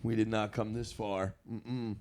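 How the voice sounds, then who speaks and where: A man's voice: fairly low pitch, little pitch movement, a little slow, a little mellow. A young man co-hosting a podcast, telling a rambling, profane party story, often laughing mid-sentence and acting out what others said. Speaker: podcast co-host. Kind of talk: casual storytelling chat.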